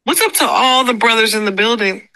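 A woman's voice: a little high, brisk, sharp tone, low-quality recording. A woman voicing a streetwise AI persona with brash, slangy hype talk. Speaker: AI character played back on the podcast.

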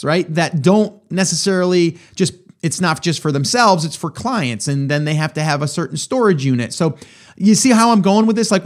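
A man hosting a podcast, answering a listener question in a conversational coaching way, often checking in with "right?". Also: on the high side. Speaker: podcast host. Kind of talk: casual advice answering a listener.

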